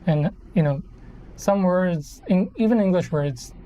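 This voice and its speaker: Medium in pitch, mellow and measured, this voice belongs to a Filipino streamer in their thirties. They ramble and self-correct in casual live-stream chat as they work on a model kit.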